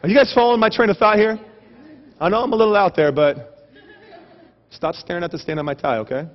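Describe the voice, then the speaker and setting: A man preaching a sermon as pastor, telling a long humorous story in an animated way. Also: sits high, fast. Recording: dull recording with long hall reverb.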